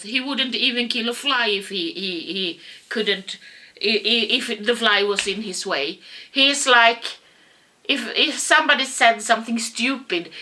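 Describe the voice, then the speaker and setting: Bright high-ish woman vlogger, stumbles and repeats herself while telling a story. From Sweden. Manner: halting, repeats words, rises to yelling when quoting herself. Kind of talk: personal storytelling to camera.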